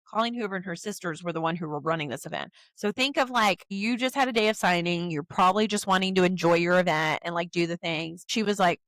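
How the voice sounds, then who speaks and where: Brief: young woman, podcast co-host, lively storyteller who voices the people she quotes, dry close sound. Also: fairly low pitch, fast, hardly any pauses, no room sound. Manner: animated storyteller, acts out quotes in changed voices. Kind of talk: casual chat.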